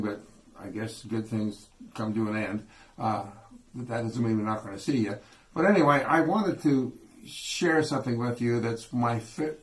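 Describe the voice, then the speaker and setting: Older man, casual teasing birthday message to an old friend, loose and chatty. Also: mid-range voice. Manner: chatty, joking, with many uhs.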